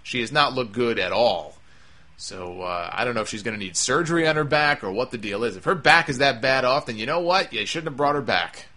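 Bright-voiced man recapping wrestling. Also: medium pitch, lively intonation, a little fast. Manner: opinionated, chatty, with frequent fillers and asides. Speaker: wrestling podcast host. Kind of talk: casual recap commentary.

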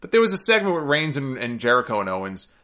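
Bright-voiced chatty man. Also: mid-range voice, big pitch swings, fast talker. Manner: chatty, with fillers and asides. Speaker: wrestling podcast host. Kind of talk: casual recap and mailbag.

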